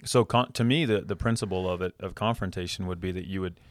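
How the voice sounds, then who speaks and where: A man's voice: sits low, quick pace, no echo. A man co-hosting a casual podcast, thinking aloud and putting questions to his co-host. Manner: thoughtful, reflective, prompting questions.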